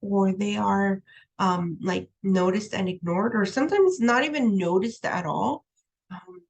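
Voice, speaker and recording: A woman's voice: medium pitch, measured pace, creaky, a little mellow, rough recording. A woman lecturing from her room at home, in a conversational style that leans on "um" and "right?". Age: young adult to middle-aged, has a young daughter. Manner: conversational, repeats "right?" and "um", laughs easily. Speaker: college instructor. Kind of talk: recorded online lecture.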